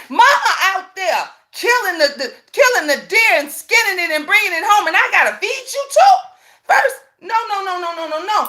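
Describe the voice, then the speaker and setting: A woman's voice: high voice, fairly bright tone. A middle-aged mother, ranting to her viewers in a repetitive, preachy way and raising her voice to hammer points home. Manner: repetitive, preachy, raises voice for emphasis. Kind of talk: emphatic casual rant.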